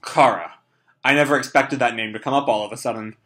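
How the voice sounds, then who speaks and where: A cold, stern veteran ninja man speaks in a flat, matter-of-fact way, as a hoarse young man reads him aloud. The voice is bright and a little worn, like a comic panel read out loud rather than performed. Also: medium pitch, brisk, close to an everyday voice.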